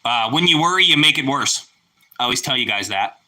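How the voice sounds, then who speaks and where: Bright-voiced man chatting on a livestream. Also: medium pitch, fairly quick. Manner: relaxed, chatty, exclaims "woo" over food. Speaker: livestream host. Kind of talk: casual live chat with viewers.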